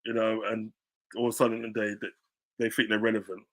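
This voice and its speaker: A man ranting on a live stream about his football club. He is heated and combative, keeps repeating his lines, and now and then bursts into loud shouting. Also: fairly low pitch, level tone, fast talker. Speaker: football fan vlogger.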